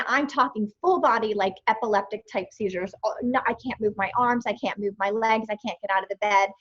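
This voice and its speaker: A woman in her fifties, speaking in a mid-range voice, tells her story as a guest in a relaxed interview. She's animated and acts out things she once said. The recording sounds dull and lo-fi.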